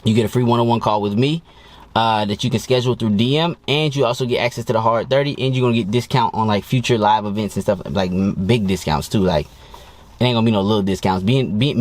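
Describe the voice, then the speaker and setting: A dating coach talking to camera in a blunt, profane and boastful way, in a casual monologue. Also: male voice, lowish voice, fast.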